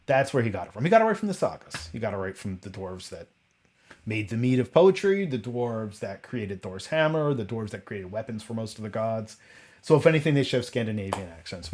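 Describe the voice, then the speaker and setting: A man with an everyday middle-pitched voice leads a casual roundtable conversation. He rambles from point to point and asks questions aloud. He often stumbles and corrects himself partway through a sentence. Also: a little mellow. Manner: rambling, full of tangents and rhetorical questions; frequent restarts and self-corrections.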